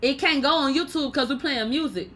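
A woman hosting a casual livestream, reading viewer comments aloud in a brash, profane way and laughing loudly often. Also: high-pitched, a little fast. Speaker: livestream host.

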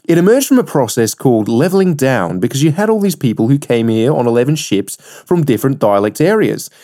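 A man reading an article aloud in a deliberately overdone, put-on Australian accent. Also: mid-range voice, very animated, warm tone. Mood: mock-serious. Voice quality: exaggerated, self-consciously bad accent.

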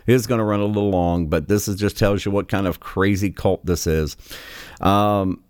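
A man's voice: deep voice, steady tone, normal speed, a little mellow, clear, resonant tone, no echo, studio quality. A man hosting a political commentary show, ranting in a sarcastic, scornful way with many fillers.

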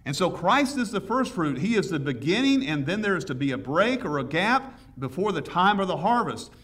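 A pastor preaching with eager, conversational energy, often stumbling over his words as he restarts sentences. His voice sits fairly high for a man and sounds a bit far from the microphone, as if he moves around the pulpit. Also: big pitch swings, moderate pace, a bit bright. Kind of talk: sermon. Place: church sanctuary.

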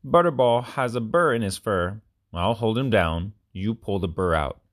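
A man voicing an eager young boy in a children's story, calling out in a high, urgent pleading tone. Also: expressive, normal speed, lightly acted.

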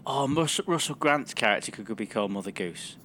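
A man with a British accent in a casual comedic chat, playful and halting, filling his speech with "kind of" and "like". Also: mid-range voice, expressive, sharp tone, a little hiss or hum.

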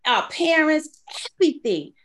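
High-pitched and at normal speed, this woman's voice comes with slight background noise. She's a Bronx, New York native co-hosting a faith podcast, chatting casually and animatedly as she plays out her conversations with God.

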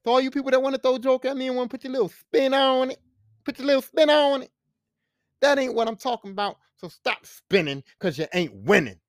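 High-voiced man ranting casually. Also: quick pace, dry recording, studio quality. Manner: animated, profane, emphatic. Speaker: podcast host.

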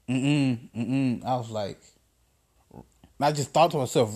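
A man hosting a podcast, telling stories in a casual monologue, profane and excitable, full of slang. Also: medium pitch, unhurried. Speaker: podcast host.

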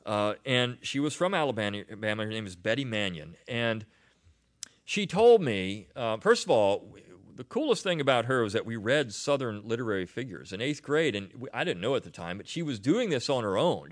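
A man's voice: mid-range voice, fairly bright tone. A middle-aged man hosting a podcast, talking through unscripted commentary in a chatty way, full of fillers and restarts. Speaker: podcast host.

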